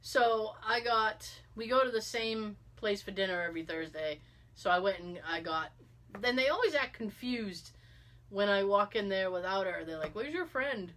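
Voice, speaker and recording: A middle-aged woman hosting a podcast, telling stories in an animated, casual way with frequent laughs. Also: medium pitch, moderate pace. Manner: animated storyteller, exclaims and laughs often. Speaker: podcast host. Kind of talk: casual chat.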